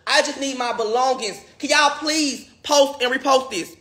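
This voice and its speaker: High, bright-voiced man ranting in an echoey room. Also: moderate pace. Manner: pleading, repetitive, swearing. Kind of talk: livestream rant.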